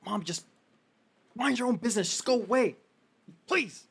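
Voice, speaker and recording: A woman's voice: on the high side, expressive, normal speed, gravelly, husky, voice pushed up, heavily acted. A woman doing a huffy, pompous grown son. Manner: huffy and defensive. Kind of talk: tabletop role-play voice.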